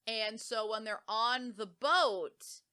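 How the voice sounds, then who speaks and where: A woman co-hosting a podcast, casually retelling a book's plot with lots of "like" fillers and quick self-corrections. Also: a little high, bright, forceful tone, clean tone. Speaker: podcast co-host. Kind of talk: casual book summary.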